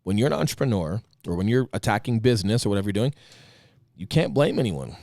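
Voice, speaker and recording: A man co-hosting a casual podcast chat, talking with emphatic passion and swinging between loud bursts and quiet asides. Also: fairly low pitch, big pitch swings, fast talker, vocal fry, no room sound, clean studio sound. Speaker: podcast co-host.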